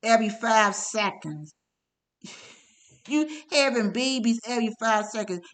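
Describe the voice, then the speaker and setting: A middle-aged woman with a noticeably high voice tells her personal story off the cuff. She rambles, stammers, swears freely and keeps checking in with tag questions. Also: a little slow, a bit bright. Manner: rambling and profane, with many stammers, filler sounds and tag questions. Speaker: testimony speaker.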